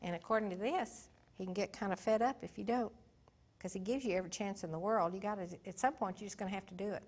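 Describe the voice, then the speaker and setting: A woman's voice: medium pitch, quick pace. Folksy, emphatic woman Bible teacher. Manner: folksy and emphatic, with dramatic swings in loudness.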